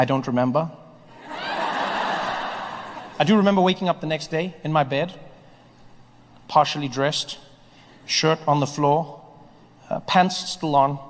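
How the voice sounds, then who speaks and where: A man performing a stand-up comedy set, animated and storytelling, acting out voices and building to shouts. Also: fairly high pitch, a little hiss or hum. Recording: live stage with long reverb.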